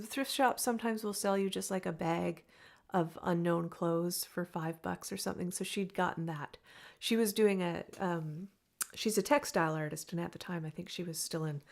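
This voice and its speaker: A woman's voice: on the low side, creaky. A young woman, a singer-songwriter hosting her weekly music show, chatting casually between songs in a rambling, storytelling way. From Canada. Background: her own acoustic guitar.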